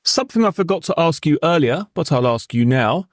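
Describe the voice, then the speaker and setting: A man's voice: on the high side, animated, fairly quick, dry recording, clean studio sound. Man cross-examining with pointed questions. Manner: formal, probing, pointed questions. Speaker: prosecuting barrister in reenactment. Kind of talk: courtroom cross-examination reenactment.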